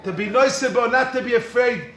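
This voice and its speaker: Very high-pitched and fairly bright, this man's voice moves at a fairly quick clip as he leads a yeshiva Torah lesson. He repeats himself emphatically and calls out to students by name. The study hall is echoey and packed with students.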